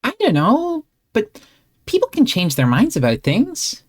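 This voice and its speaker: A woman voicing a cheerful, easygoing teenage girl who teases with upbeat disbelief. Her pitch leaps up and down a great deal. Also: huge pitch swings, unhurried, heavily acted. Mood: reasoning. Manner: upbeat, teasing and incredulous. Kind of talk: fan voice-acted comic reading.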